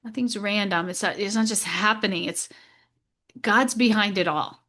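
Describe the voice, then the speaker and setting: A woman hosting a podcast, talking in a reflective and gently encouraging way in a casual spiritual discussion. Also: mid-range voice, steady tone, moderate pace. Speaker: podcast host.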